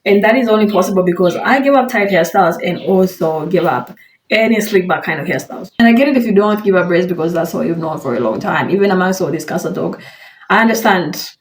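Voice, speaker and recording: A woman's voice: lowish voice, fast. A woman commenting on hair care in a vlog, giving frank advice with light amusement.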